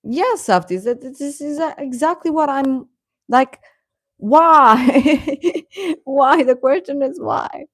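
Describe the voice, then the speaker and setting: A woman's voice: sits high, lively intonation, a little slow, no echo. Chatty woman livestreamer, dry close sound. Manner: chatty, laughing often, exasperated rants. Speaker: livestream host reading chat. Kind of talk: casual chat.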